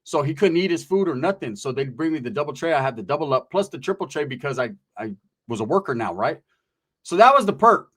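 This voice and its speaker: Fast-talking, animated storyteller man. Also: fairly high pitch, husky. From Northern California. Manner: animated, profane, acts out the voices of the people in his story. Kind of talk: casual storytelling.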